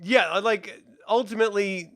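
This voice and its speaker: A middle-aged man in casual podcast chat, telling stories in a profane, animated way with frequent laughs. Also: high voice, normal speed, no room sound, clean studio sound. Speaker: co-host reviewing a baking show.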